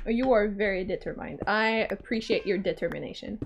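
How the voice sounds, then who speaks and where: A woman's voice: medium pitch, moderate pace, creaky, few pauses, music in the background. A young adult woman streaming from home on a desk mic, chatting casually with her chat in a playful, teasing way, laughing often. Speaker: live streamer. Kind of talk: casual live-stream chat, reading chat aloud. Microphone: desk microphone.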